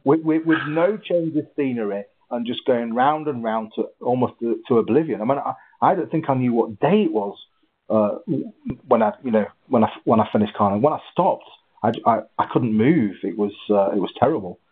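An ultra runner, appearing as a guest in an interview, tells his story in a husky, medium-pitched voice. He's animated and keeps halting and restarting, and the line sounds tinny, like a phone.

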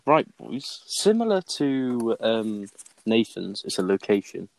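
A young man with a lowish voice talks in a loose, rambling way, teasing his friends and laughing often. The recording is dry and close, with no room sound. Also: big pitch swings, slow pace, creaky, darkish tone, dry recording. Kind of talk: casual podcast chat among friends.

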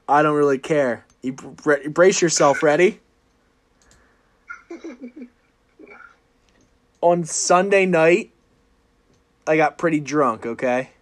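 A man hosting a casual sports podcast, animated and teasing, often breaking into loud laughs. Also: a little high, slow, long pauses, slight background noise. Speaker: podcast host.

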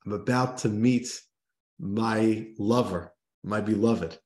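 Hopeful, easily excited carp fish, as a man puts it on. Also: on the low side, takes it slowly, voice pushed down. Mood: dreamy. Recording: roomy echo.

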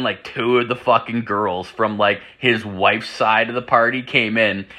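Bright-voiced young man telling a crude story. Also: medium pitch. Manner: profane, rambling, filler-heavy retelling of a friend's words. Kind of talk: casual storytelling.

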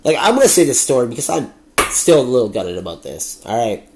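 Solo podcast host: young Canadian man, mid-pitched, rants hotly and swears freely. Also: very animated, a little fast, background noise. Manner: heated, profane ranting.

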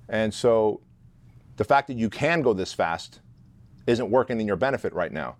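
A man's voice: lowish voice, moderate pace, no echo. Blunt, profane man telling stories. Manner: blunt, profane, animated storytelling. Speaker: guest, leadership instructor. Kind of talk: storytelling interview talk.

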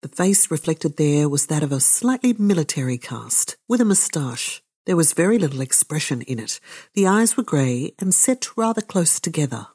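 A woman podcast host reading a novel aloud, measured and unhurried, with her own commentary. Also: sits low, big pitch swings, a little mellow, husky.

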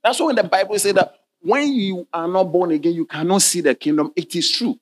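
A man whose voice sits high preaches a little fast as pastor of a church. He reads scripture in old King James phrasing, often cutting in with "Hallelujah" and with questions put to the congregation.

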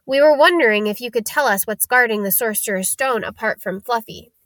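A woman's voice: a little high, a little fast, fairly bright tone, no echo, close to an everyday voice. A woman reading aloud, voicing an anxious, curious young schoolboy.

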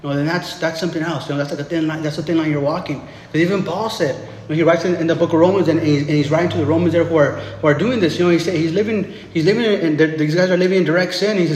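A man with a slightly high voice preaches in a loose, conversational way, full of restarts and quick tag questions. His voice rings out through a large hall with a long, echoey reverb. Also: darkish tone, a little hiss or hum. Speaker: pastor. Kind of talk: sermon.

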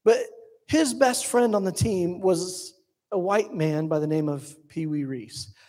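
Male pastor, high voice, storytelling sermon that rushes then slows to a hush. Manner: storytelling, swings from quick to slow and hushed.

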